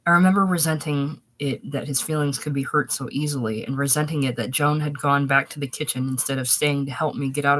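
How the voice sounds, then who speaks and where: A man's voice: medium pitch, a bit bright, low-quality recording. A man reading a short story aloud in first-person narration, with a dry, wry storytelling manner. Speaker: audiobook reader.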